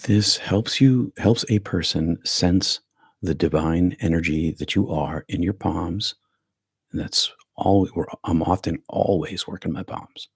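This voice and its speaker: A man's voice: low-pitched, unhurried, husky, dry recording. A male meditation teacher leading an online breathwork session over a video call, rambling and correcting himself as he goes.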